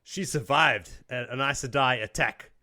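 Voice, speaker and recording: A man co-hosting a casual book-discussion podcast, retelling the plot in an animated way and slipping into quick character voices. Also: medium pitch. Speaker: podcast co-host.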